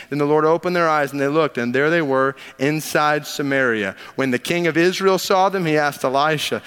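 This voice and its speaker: A man's voice: on the high side, fairly quick, few pauses, a bit bright, smooth. A man preaching a sermon as pastor, reading scripture aloud and talking it through in an emphatic, conversational way with joking asides. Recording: long reverb of a large hall.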